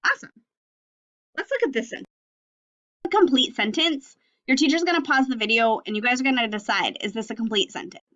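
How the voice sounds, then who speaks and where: A woman teaching young children a phonics and sentence lesson on video, speaking slowly and clearly in an encouraging way. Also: on the high side, expressive, sharp tone. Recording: slightly dull lo-fi audio.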